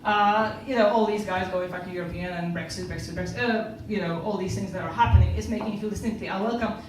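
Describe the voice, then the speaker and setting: A woman's voice: mid-range voice, fairly even intonation, quick pace, crowd noise. A woman from Poland with a Polish accent, doing a stand-up comedy set and acting out other people's lines as she tells stories. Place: comedy club stage. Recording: echoey room from far off.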